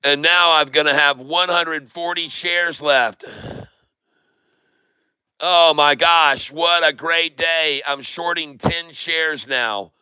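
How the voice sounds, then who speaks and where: A man hosting a live day-trading stream, excitedly calling out share prices and exclaiming to his viewers. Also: fairly high pitch, slow pace, smooth, no room sound. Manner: exclamatory, rattles off prices, addresses viewers as folks. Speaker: day-trading livestream host.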